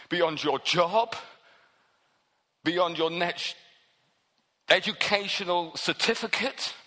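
A man's voice: high voice, sharp tone. A man preaching a sermon in a church, emphatic and repetitive in his rhetoric. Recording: long hall reverb.

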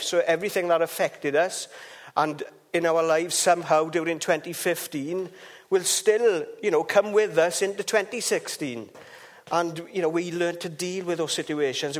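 A man giving an informal devotional talk, chatty and rambling, with asides and restarts. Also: a little high.

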